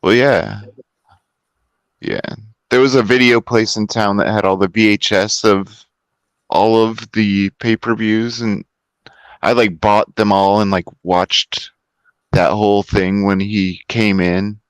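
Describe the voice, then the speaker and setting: A man's voice: lowish voice, steady tone, slow pace, smooth, no echo. A man guest in a casual chat, laid-back, mostly giving short agreeing replies.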